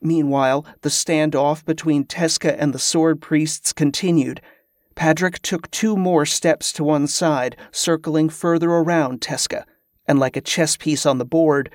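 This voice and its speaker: A man narrating an audiobook in a steady, even storytelling read. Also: fairly high pitch, no room sound, clean studio sound. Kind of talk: scripted narration.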